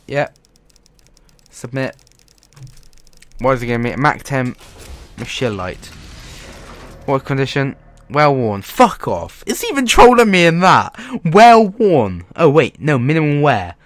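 Frustrated swearing man with a lively voice. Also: mid-range voice. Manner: frustrated, swearing, pleading with the game. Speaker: gaming YouTuber. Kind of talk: let's play commentary.

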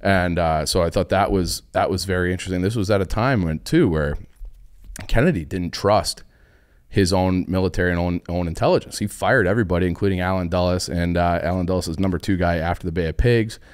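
A man's voice: deep voice, brisk, clean tone. A young man casually explaining history on a podcast, rambling with lots of fillers and loose quotes. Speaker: podcast guest.

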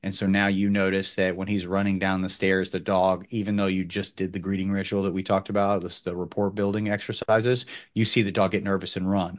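A lower-pitched man walks through dog training steps in relaxed, instructional talk. He is animated and jumps up into loud exclamations when he acts out a scene. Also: brisk, hardly any pauses. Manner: animated, bursts into loud quoted outbursts.

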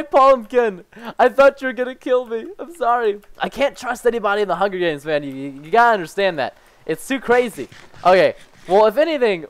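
A man giving excited gameplay commentary as a gaming YouTuber, excitable, jumping between hushed asides and loud yelps. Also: sits high, clear, resonant tone.

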